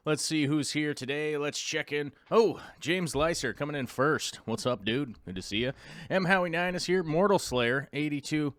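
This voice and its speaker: A man's voice: fairly high pitch, lively intonation, normal speed, fairly bright tone, dry recording, clean studio sound. Tired, rambling male stream host. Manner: rambling, restarts often, chats with viewers and dog. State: tired, jet lagged. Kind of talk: casual live stream chat. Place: home.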